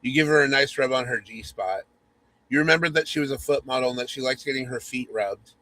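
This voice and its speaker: A man's voice: mid-range voice, a little fast, bright, forceful tone, low-quality recording. A man hosting a podcast, reading a spoof romance story in second person with mock-sultry narration and teasing asides. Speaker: podcast host.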